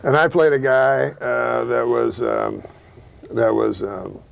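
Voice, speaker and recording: Gravelly deadpan male host. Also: mid-range voice, takes it slowly. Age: middle-aged. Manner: deadpan, rambling, profane storytelling. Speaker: talk show host. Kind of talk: casual chat and anecdotes.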